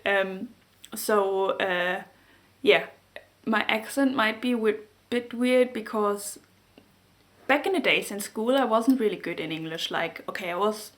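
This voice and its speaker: Halting woman with a German accent. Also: medium pitch, a bit bright. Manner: halting, searches for words. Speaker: knitting podcast host. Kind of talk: casual chat to camera.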